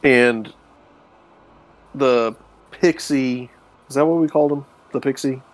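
A man co-hosting a casual chat, recapping a comic's plot in a relaxed storytelling way. He paraphrases the characters in quick asides and laughs easily. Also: mid-range voice. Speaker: comic book podcast co-host.

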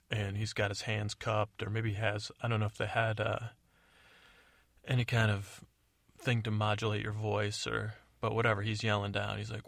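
A man hosting a sleep podcast, telling a bedtime story in a meandering, digressive, low-key way. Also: monotone, moderate pace, gravelly, fairly bright tone, no room sound.

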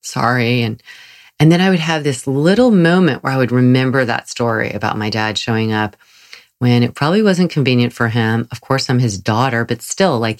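A woman giving a casual motivational talk, chatty and enthusiastic, telling personal stories with frequent laughs and fillers. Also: rumbling low. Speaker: motivational speaker.

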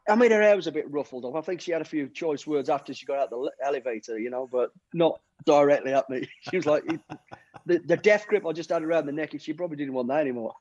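This British middle-aged ex-soldier and former bodyguard talks fast in a rather high, slightly mellow voice, recorded dull and dry. Chatting casually, he rambles through stories full of restarts and performed quotations.

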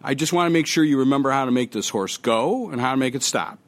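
A man's voice: mid-range voice, fast talker, natural voice. A man telling of a plain-spoken clergyman. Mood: explaining. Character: a plain-spoken male clergyman selling a horse.

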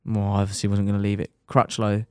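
Young racer telling a crash story. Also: male voice, lowish voice, fast talker, clean tone, no room sound, clean studio sound. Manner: animated storyteller, swears freely, says "mate" often. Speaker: podcast guest, motorcycle racer. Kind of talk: casual storytelling chat.

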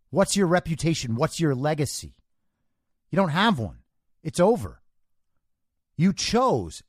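A man's voice: on the high side, husky, dry recording, clean studio sound. A man hosting a podcast, giving an opinionated solo monologue with emphatic delivery and rhetorical questions. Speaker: podcast host.

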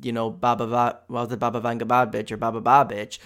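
A man's voice: mid-range voice, monotone, fast talker, fairly bright tone, smooth. A young man with a Cork Irish accent, riffing through a rambling, profane comic monologue as a podcast host. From Ireland. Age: young adult. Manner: rambling, profane, jokey, with lots of fillers. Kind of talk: comedic monologue.

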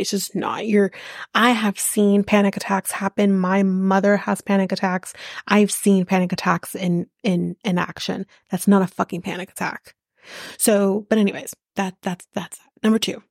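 Sarcastic woman host rambling through a TV recap, medium pitch, dry close mic sound. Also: creaky, darkish tone, no room sound. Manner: rambling, sarcastic, and swears freely. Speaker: podcast host. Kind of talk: casual chatty reality TV recap.

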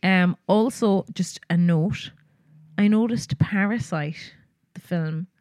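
A young woman co-hosts a podcast, chatting casually and loosely, laughing often and trailing off mid-sentence. Her voice is fairly low and a little mellow, she takes her time, and the recording is dry.

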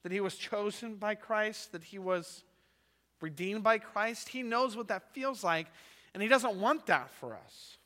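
A man's voice: high-pitched, expressive, measured pace, bright, forceful tone, in a large hall. A male pastor preaching a sermon in an emphatic way, often ending his points with a rhetorical "right?".

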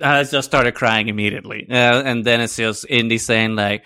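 A man's voice: lowish voice, steady tone, normal speed, sharp tone, clean tone, no echo. A man co-hosting a podcast in casual chat, enthusiastic and swearing freely. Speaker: podcast co-host. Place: lives in Chicago.

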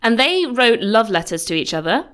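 A woman's voice: on the high side, very animated, moderate pace, fairly bright tone. Chatty woman recounting history. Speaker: podcast co-host. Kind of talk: casual storytelling chat.

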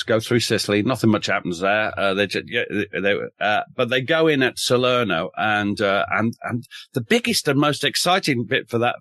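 A man tells war history as a podcast guest. He is lively and wry and swears casually, and he restarts his sentences often. His voice sits in an ordinary middle pitch, recorded close and dry. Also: no echo. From north of England. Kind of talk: enthusiastic podcast storytelling.

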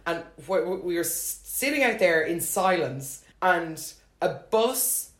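A woman's voice: fairly low pitch, unhurried. A woman, co-hosting a podcast and telling stories in casual chat, swearing freely and often. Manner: swearing, animated storytelling. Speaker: podcast co-host. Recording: roomy echo.

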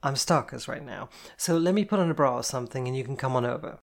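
A reader voicing Jen, a stern, teasing woman disciplinarian who talks in a brisk, bossy, mockingly patient way. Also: mid-range voice, creaky, lightly acted. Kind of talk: audiobook character voice.

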